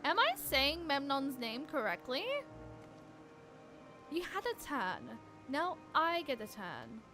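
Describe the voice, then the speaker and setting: A young woman streamer talks through her game in a chatty, giggly way, full of rambling asides. Her voice sits high and bright, and she takes her time. It is casual, unscripted commentary. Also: sing-song, slow, faint music behind.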